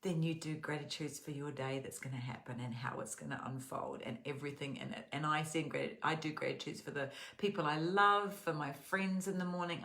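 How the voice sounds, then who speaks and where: A woman's voice: sits low, a bit bright. A woman hosting a guided bedtime journaling video, talking in an earnest, spiritual and rambling way with many restarts. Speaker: journaling channel host. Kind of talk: casual guided journaling talk.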